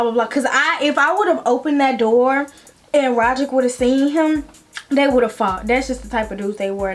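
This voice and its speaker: A young adult woman telling a dramatic storytime on her vlog in casual, slangy talk, often addressing viewers directly. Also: fairly high pitch. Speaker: vlogger.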